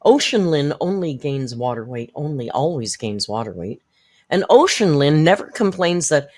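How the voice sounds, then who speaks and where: A woman's voice: sits low, sing-song, moderate pace, a little mellow. A woman hosting a reaction commentary channel, talking bluntly and sarcastically with frequent swearing.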